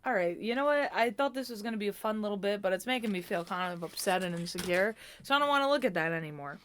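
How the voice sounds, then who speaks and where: A woman's voice: medium pitch, lively intonation, fast talker. A young woman from New Jersey co-hosting a casual comedy chat, playful and self-deprecating. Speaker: podcast co-host.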